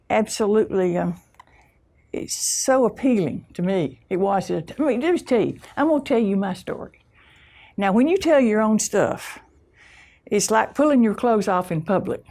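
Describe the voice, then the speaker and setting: A woman with a deep Southern US accent, giving a humorous, folksy keynote talk full of self-deprecating stories and drawn-out vowels. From Southern US (Alabama, Mississippi). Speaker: keynote speaker.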